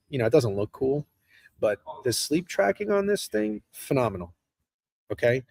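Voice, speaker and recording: A man's voice: medium pitch, darkish tone, slightly rough, no echo. A man in his thirties, hosting a live stream in casual chat, rambling and profane and answering chat as he goes. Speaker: streamer host. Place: hotel room.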